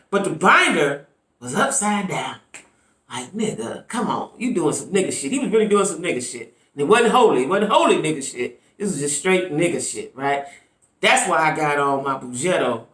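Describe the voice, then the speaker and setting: A woman chatting through her vlog commentary with a lively, swooping voice, leaning on quick asides to her viewers. The recording carries a roomy echo around her. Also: fairly low pitch. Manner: animated, chatty, frequent "right?" asides. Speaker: YouTube commentator.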